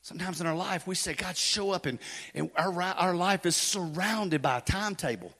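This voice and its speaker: A male pastor preaching a sermon in a church, swinging from loud urgency to hushed intensity, with folksy joking asides. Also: high voice, moderate pace. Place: church sanctuary. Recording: long hall reverb.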